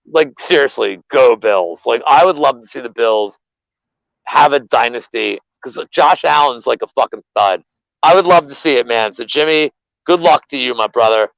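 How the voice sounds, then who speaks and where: A man with a gravelly, creaky voice rambles through a profane sports rant as co-host of a betting show. He swears freely and gets worked up. The sound is dull and lo-fi, and very dry. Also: medium pitch, normal speed, no room sound. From Philadelphia area. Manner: rambling, swears a lot, animated rants. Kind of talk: casual profane sports chat.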